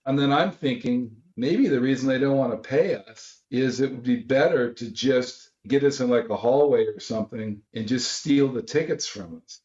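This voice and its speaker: Man, author guest, animated storytelling, roomy slightly dull sound. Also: medium pitch, moderate pace, hardly any pauses. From Los Angeles. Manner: acts out quotes with raised voice.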